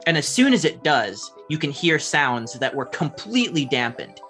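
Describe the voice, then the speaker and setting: A man's voice: on the high side, big pitch swings, moderate pace, bright, forceful tone, soft background music. A man narrating as game master of a tabletop game, describing scenes casually with lots of fillers.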